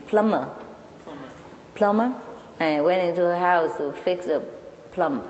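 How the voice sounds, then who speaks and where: Chatty woman storyteller, lowish voice, laughs often, reverberant room. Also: a little slow, pauses often, darkish tone, lo-fi sound, slight background noise. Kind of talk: casual anecdote telling.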